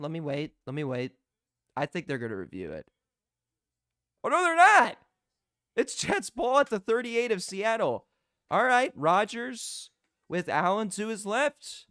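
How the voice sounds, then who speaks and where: A young man giving live play-by-play as a fan commentator, excitable and prone to restarting his sentences. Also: sits high, moderate pace, dry recording, studio quality. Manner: excitable, shouts in disbelief, repeats and restarts.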